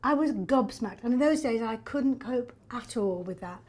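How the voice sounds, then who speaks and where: An older woman, a stage actor telling backstage stories in a lively, self-deprecating way with frequent laughs. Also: on the high side, normal speed. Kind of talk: backstage storytelling. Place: theatre backstage.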